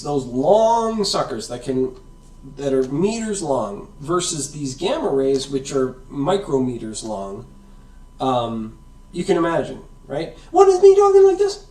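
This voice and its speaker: Slow, rambling man explaining science. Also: a little high, darkish tone. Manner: rambling, keeps asking "right?" and "okay?". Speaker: science video host. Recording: roomy echo, far from the mic.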